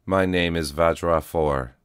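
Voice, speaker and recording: A man reading the part of a battered old male cyborg, speaking in a flat, calm, measured way. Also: low-pitched, clean tone, no room sound, studio quality. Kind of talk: audiobook reading.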